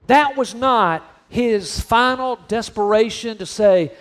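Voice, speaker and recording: A middle-aged male pastor delivers a sermon in a conversational, humorous way. His voice sits fairly high for a man. He stretches key phrases out slowly for emphasis. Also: animated.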